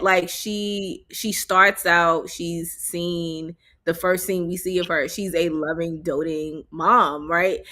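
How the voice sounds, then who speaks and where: A woman's voice: on the low side, a bit bright. A woman co-hosting a casual livestream chat, explaining her view at length in a thoughtful way. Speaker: co-host.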